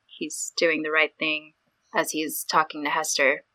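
A woman on a podcast sharing thoughtful, measured comments in casual chat. Her voice is bright and forceful though a bit low, recorded dry and close. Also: level tone, no room sound, poor audio.

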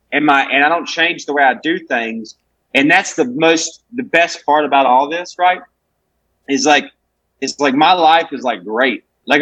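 A comedian, telling rambling, profane stories in a casual podcast chat. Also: male voice, medium pitch, a bit bright, no room sound, low-quality recording. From Alabama. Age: 20s. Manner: profane, brash, rambling with restarts. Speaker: comedian guest.

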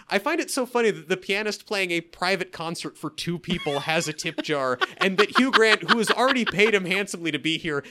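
A man co-hosting a podcast, chatting casually about a film with animated, jokey energy and frequent laughs. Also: on the high side. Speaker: podcast co-host. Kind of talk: casual chat reviewing a film.

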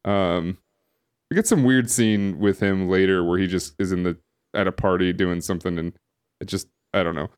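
This podcast co-host has a smooth, low voice and talks at normal speed. He rambles through casual chat with frequent fillers and restarts, recorded via a streaming setup microphone.

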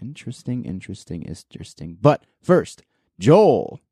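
A man's voice: on the low side, big pitch swings, normal speed, dark tone, breathy edge, no echo. A man hosting a casual podcast, loose and joking, laughing often as he runs the show. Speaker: podcast host.

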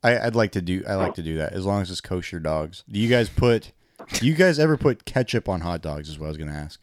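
A man co-hosting a podcast in casual chat, easygoing and quick to laugh. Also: sits low, expressive, dry recording. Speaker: podcast co-host.

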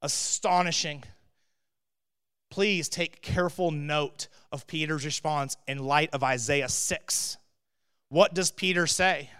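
A man preaching a sermon in a conversational way, with rhetorical questions and swings from loud emphatic bursts to quiet asides. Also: fairly high pitch, slow pace, smooth. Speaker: pastor.

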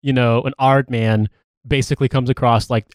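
A man co-hosting a podcast in casual chat, making quick sarcastic jokes. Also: mid-range voice, steady tone, dry recording, studio quality. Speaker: podcast co-host.

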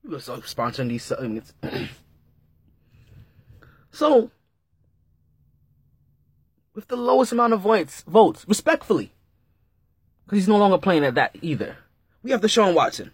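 Chatty and animated, a male sports podcast host talks in a husky, fairly high voice that jumps around in pitch, repeating himself and cracking jokes along the way. The sound is close and dry.

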